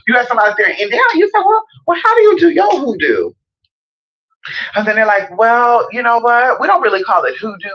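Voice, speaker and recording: A woman delivers a loose, casual vlog monologue, cursing freely and slipping into quoted voices. Her tone is bright and sharp. Her pitch leaps and dips all over the place. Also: highs cut off. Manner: animated, profane, acts out quoted voices. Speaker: self-described certified herbalist and hoodoo practitioner.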